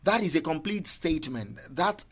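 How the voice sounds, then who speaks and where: A man's voice: fairly high pitch, animated, normal speed, husky. Emphatic male mindset coach. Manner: emphatic, repeatedly asks "do you understand me"; insistent repetitions like "no, no, no". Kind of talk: motivational podcast talk.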